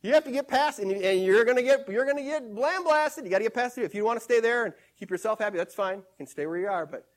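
A man preaching a sermon in a high, light voice. He stresses and repeats scripture phrases, dropping to a hush and then rising loud again. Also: quick pace, hardly any pauses. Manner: emphatic, repeats scripture phrases, swings between hushed and loud.

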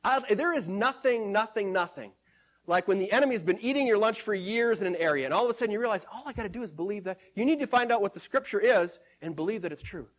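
High-voiced emphatic male preacher. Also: animated, fast talker. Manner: emphatic, repeats scripture phrases, swings between hushed and loud. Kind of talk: sermon.

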